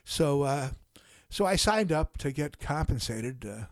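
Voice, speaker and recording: An older man, a guest on a podcast, telling a long story in an unhurried way with many pauses and some dry humor. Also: fairly high pitch, expressive, dry recording. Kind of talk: casual storytelling in a podcast conversation.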